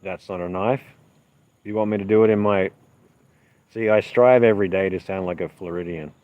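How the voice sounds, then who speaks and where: Easygoing male livestream host, very low voice, rambling chat answering viewers, dull phone audio. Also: fairly even intonation, fairly quick, smooth, no room sound. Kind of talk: casual live-stream chat, reading viewer comments. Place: outdoors at night on gravel.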